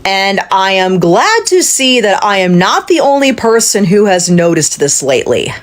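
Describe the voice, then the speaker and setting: A woman giving casual, indignant political commentary. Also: mid-range voice. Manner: indignant, emphatic.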